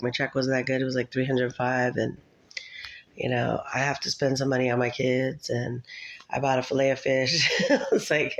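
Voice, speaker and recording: A woman's voice: very deep voice, poor audio. A woman in her thirties, a mother talking straight to her viewers in a rambling, scattered way, often breaking into laughter. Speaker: vlogger, mother. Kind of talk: rambling casual monologue.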